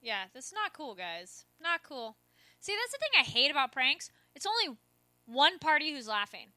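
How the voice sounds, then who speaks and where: An animated woman chatting her way through a movie, all sighs and little cries. Her voice sits high and swoops up and down. It is very bright and close, with almost no room sound. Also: moderate pace, dry recording. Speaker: co-host reacting to a movie. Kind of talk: casual movie reaction chat.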